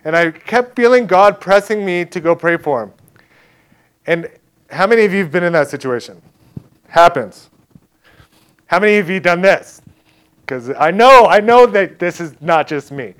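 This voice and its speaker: Preacher, male, slightly high voice; relaxed storytelling testimony, laughs between lines. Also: moderate pace, pauses often, clean tone. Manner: casual storytelling, laughs often. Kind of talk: conversational sermon testimony.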